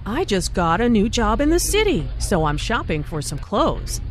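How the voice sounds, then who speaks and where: A woman voicing a friendly shopper who meets an old friend, chatting in a warm, easy way in a scripted dialogue. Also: medium pitch, very animated, moderate pace, slight background noise, close to an everyday voice.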